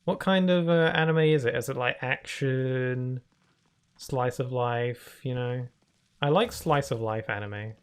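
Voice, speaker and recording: A man's voice: medium pitch, a little slow, clean tone. A man chatting casually while live-streaming a game, rambling on with many fillers at a desk microphone.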